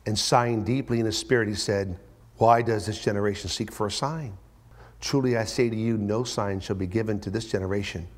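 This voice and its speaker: Man, pastor, sermon, whispers then shouts, acts out quotes. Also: steady tone, a little fast. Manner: swings from hushed whispers to loud, high-pitched emphatic rises; acts out quoted voices with strong pitch jumps. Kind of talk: expository sermon.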